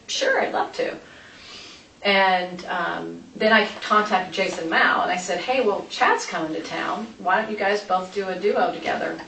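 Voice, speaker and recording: Rambling woman with a low, gravelly voice. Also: fairly bright tone. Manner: rambling, chatty, quick to change course. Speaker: interviewee. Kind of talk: casual recounting to police. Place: interview room. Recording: echoey room, distant mic, light noise.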